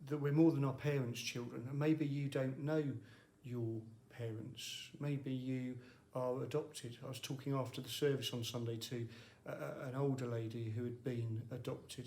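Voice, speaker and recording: A man's voice: medium pitch, creaky, a little mellow, a little hiss or hum. A man who is a lead minister, giving a short midweek devotional talk in a wry, conversational way with frequent fillers. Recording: echoey room.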